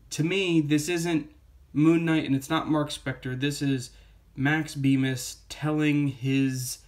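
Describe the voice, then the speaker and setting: Rambling man reviewing a comic book. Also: medium pitch. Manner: rambling, many fillers, reads quotes aloud. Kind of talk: casual spoken review.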